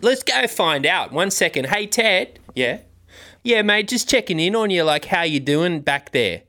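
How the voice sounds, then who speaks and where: A man's voice: high-pitched, expressive, measured pace, sharp tone, voice pushed up, heavily acted. A man putting on a cheerful, laid-back Australian bloke with a breezy, chummy manner in an improvised comedy sketch. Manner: breezy, chummy, says "mate" a lot.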